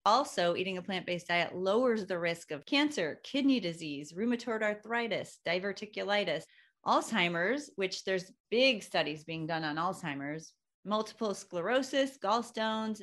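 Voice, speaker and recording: A woman's voice: medium pitch, fairly bright tone. Enthusiastic woman podcast co-host. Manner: enthusiastic, emphatic. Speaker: certified in plant-based nutrition. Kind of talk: casual chat.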